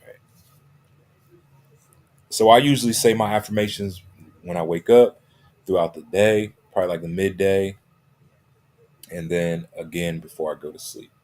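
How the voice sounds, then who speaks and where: A man with a low, husky voice gives a motivational coaching talk. He leans on repeated key phrases and punctuates nearly every point with "right?" or "okay?". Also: fairly even intonation, moderate pace, pauses often, darkish tone. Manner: checks in constantly with "right?" and "okay?".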